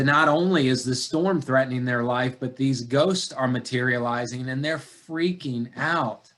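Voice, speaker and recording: A pastor preaches a sermon in a deliberate, searching way, repeatedly putting rhetorical questions to his congregation. His voice is medium-pitched and a bit bright.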